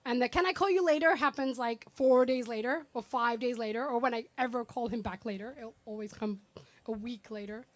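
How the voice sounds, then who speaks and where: Thirtysomething woman rambling thru a party toast, highish voice, dry sound. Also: steady tone, fairly quick, dry recording. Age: 30s. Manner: chatty, rambling, affectionate. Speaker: younger sister giving a birthday speech. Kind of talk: heartfelt party speech. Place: party venue.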